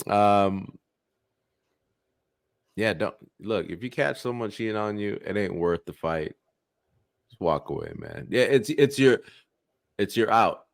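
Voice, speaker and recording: Man, low voice, dry sound, casual swearing, joke storyteller. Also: expressive, unhurried, creaky, long pauses, dry recording. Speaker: podcast co-host. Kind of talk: casual comedic chat.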